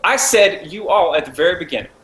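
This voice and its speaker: A high-voiced man arguing heatedly in character during a tabletop game session. He stammers and sounds defensive. The room is echoey, with faint noise behind him. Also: expressive, quick pace, fairly bright tone. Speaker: player.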